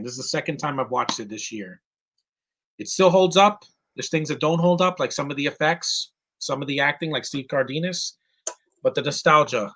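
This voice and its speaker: A man in his thirties, near tears, giving an earnest and halting live commentary as host of his own stream. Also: medium pitch, a bit bright. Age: 30s.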